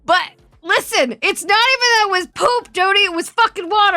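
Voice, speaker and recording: A woman streamer chatting casually, telling a story in an animated, swearing way and laughing often. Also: extremely high pitch, moderate pace, no echo, faint music behind. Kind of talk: casual chat.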